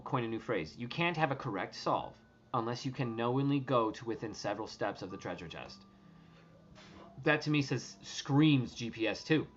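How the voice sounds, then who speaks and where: A man talking casually to his viewers, rambling and excitable, swearing and restarting his sentences often. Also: mid-range voice, lo-fi sound. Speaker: treasure hunt vlogger.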